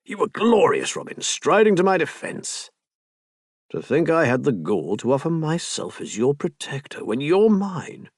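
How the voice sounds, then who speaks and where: A man voicing an earnest, formal gentleman who speaks in a deep voice, devoted to his lover. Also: big pitch swings, a little slow, husky, dry recording, studio quality, full character voice. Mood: adoring.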